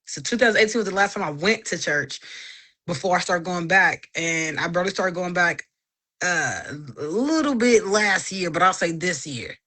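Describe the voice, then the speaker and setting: A woman in her thirties telling a personal faith story in casual talk, animated and acting out the voices of people she quotes. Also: fairly low pitch, normal speed. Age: 30s.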